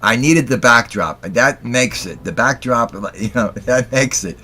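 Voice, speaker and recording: A man's voice: medium pitch, unhurried, pushed and bright, husky. A man hosting a casual livestream chat, giggling constantly and breaking into laughter mid-sentence. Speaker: livestream host.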